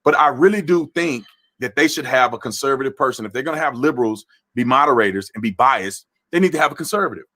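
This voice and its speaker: A man's voice: mid-range voice, animated, fast, sharp tone. A man hosting a political commentary livestream who talks animatedly and often restarts his phrases. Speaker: livestream host.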